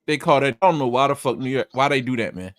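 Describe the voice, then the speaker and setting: A man hosting sports radio in loose, profane banter. His delivery is animated and swings up and down, and his voice sounds dry and close, with little room sound around it. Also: mid-range voice, quick pace, no room sound. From North Carolina.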